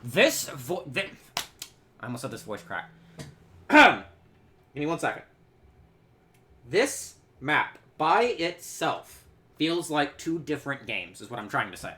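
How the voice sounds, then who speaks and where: A man giving casual reaction commentary, excitable and rambling, trailing off and restarting often. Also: medium pitch, unhurried, long pauses. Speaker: reaction video host.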